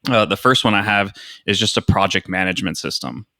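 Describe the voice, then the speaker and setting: Podcast host guy, deep voice, bright tone, says like a lot, chill chat. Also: fairly quick, gravelly, no echo, clean studio sound. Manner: upbeat, lots of "like" and "you know".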